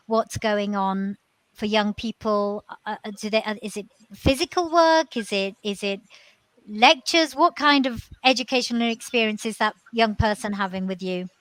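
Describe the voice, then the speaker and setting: Higher-voiced woman host asking questions. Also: a bit bright, dry recording, poor audio. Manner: reflective, encouraging questioner. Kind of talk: interview.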